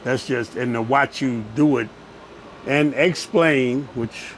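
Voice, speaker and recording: A man's voice: mid-range voice, slow pace, a little hiss or hum. A man hosting a casual shop chat about radio amplifiers, loose and colloquial, joking with callers. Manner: loose, colloquial talker who jokes with callers. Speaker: show host.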